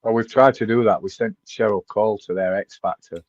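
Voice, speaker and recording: A man's voice: fairly low pitch, steady tone, a little fast, dry recording. Blunt, sweary man, lo-fi. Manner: blunt, sweary, mock-ranting. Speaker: podcast co-host. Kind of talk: casual football podcast chat.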